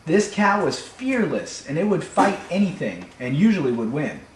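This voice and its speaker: A man telling a comic personal story in an animated, playful way, recorded in an echoey room. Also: on the high side, normal speed. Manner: animated, playful, builds to shouts. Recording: echoey room, faint hum.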